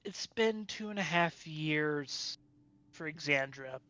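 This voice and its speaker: Brief: male player, slow unhurried delivery, higher pitch, jokey and giggly. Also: animated, bright, forceful tone, no echo. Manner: joking, laughs often. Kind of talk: casual tabletop chat.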